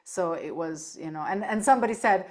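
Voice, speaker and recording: A woman speaking as a podcast guest on animal end-of-life care, telling lively stories, laughing easily and often checking in with "right?". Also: fairly low pitch, brisk. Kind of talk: casual interview chat.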